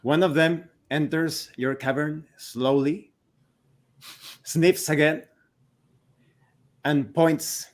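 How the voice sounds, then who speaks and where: A man narrating a tabletop game as game master, slow and deliberate. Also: on the high side, steady tone.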